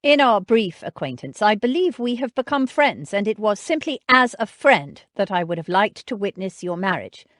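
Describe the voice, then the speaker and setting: Give me a woman voicing a courteous gentleman's formal apology letter, brisk and lively. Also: medium pitch, no echo, studio quality, lightly acted.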